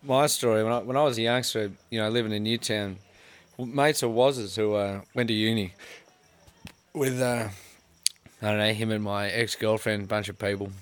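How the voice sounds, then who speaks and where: A man's voice: fairly low pitch, steady tone, moderate pace, smooth. An Australian man in his thirties telling a story casually, profane and self-mocking. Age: 30s.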